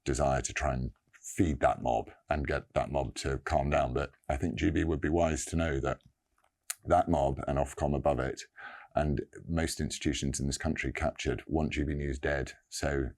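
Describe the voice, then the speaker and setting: Man, very low voice, earnest personal statement, stop-start delivery. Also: steady tone, darkish tone. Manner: halting, earnest, many pauses and restarts.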